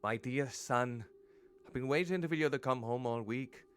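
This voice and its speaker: A man voicing a tender Irish mother, with a put-on Irish accent, slowly reading her letter to her estranged child in a game. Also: mid-range voice, a bit bright, slight background noise, natural voice.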